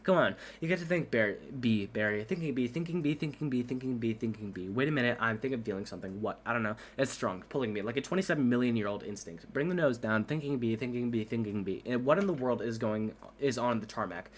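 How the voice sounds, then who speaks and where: A man's voice: mid-range voice, animated, fast, hardly any pauses, slight background noise. A man reading a whole movie script aloud at breakneck speed for laughs, doing every character in his own voice and tripping over words. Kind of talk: rushed comedic script reading.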